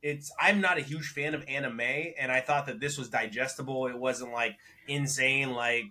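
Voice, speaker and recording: An easygoing man reviews shows as a podcast co-host, talking them through in a relaxed, conversational way. His voice sits in a middle pitch with a bright edge. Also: normal speed. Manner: easygoing, gives ratings. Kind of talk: casual review chat.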